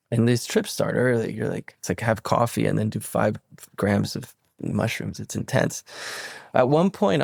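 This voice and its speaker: A man in his forties from Venezuela talks as a podcast guest, his voice carrying a gravelly fry under a close, dry sound. He circles his point, restarting and repeating words, then leaps high in pitch when he acts out what people said. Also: no room sound. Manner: rambling, with many restarts and stammered repeats; slips into animated quoted voices and sudden high pitch leaps. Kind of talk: reflective conversational storytelling.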